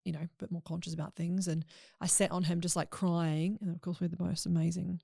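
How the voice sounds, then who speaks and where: A woman's voice: fairly low pitch, level tone, fast, creaky, mellow, breathy edge, dry recording, studio quality. A woman guest on a podcast, telling a personal story in a candid, emotional way in casual chat.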